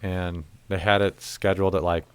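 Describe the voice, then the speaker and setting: Male host, casual profane storyteller, lowish smooth voice. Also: level tone, normal speed, no room sound. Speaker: podcast host. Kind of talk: casual chat.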